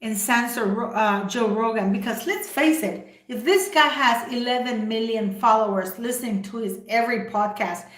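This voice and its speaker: A woman hosting a livestream, giving opinionated commentary straight to her viewers and firing off rhetorical questions. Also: on the high side. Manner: emphatic, full of rhetorical questions. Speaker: livestream host. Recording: roomy echo.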